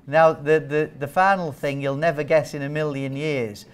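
A man's voice: fairly high pitch, fairly even intonation, normal speed, clear, resonant tone. A man giving a training talk to nurses as a wound care trainer, chatty and joking, quizzing the audience. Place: training hall with a live audience.

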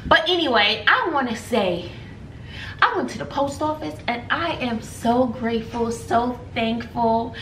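A woman's voice: on the high side, measured pace, a bit bright, echoey room, a little hiss or hum. A woman teacher chatting casually in a vlog, emotional and gushing, laughing often. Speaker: teacher and vlogger.

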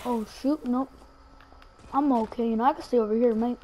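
A woman giving live gameplay commentary, chatty and excitable, talking straight to her viewers. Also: fairly high pitch, brisk, background noise.

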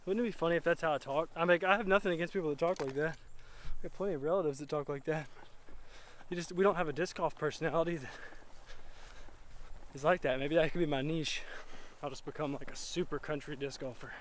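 A young man, chatting excitably to viewers as he narrates his own disc golf round outdoors. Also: a little high, fast, long pauses, a little hiss or hum. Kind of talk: casual play-by-play self-commentary.

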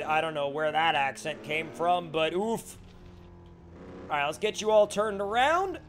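Chatty high-voiced male game streamer. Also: lively intonation, a little slow, fairly bright tone, faint music behind. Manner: chatty, reads chat aloud, many fillers. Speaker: gaming livestreamer. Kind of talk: casual live gameplay commentary.

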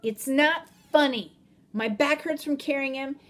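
A woman reading aloud as a stubborn, indignant peasant girl, speaking emphatically and louder than her narration. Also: fairly high pitch, expressive, normal speed. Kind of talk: audiobook reading.

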